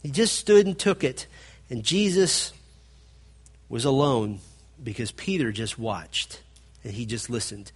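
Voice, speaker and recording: A man preaching a sermon, swinging between loud emphatic passages and hushed, low stretches as he retells a scripture story. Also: a little slow, pauses often, breathy edge.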